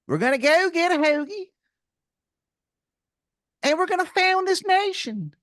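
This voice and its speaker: A man's voice: animated, a bit bright, dry recording, studio quality, heavily acted. A man putting on a Ben Franklin voice with a broad Philadelphia accent in an improv comedy bit. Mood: goofy. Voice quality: high, drawn-out, exaggerated.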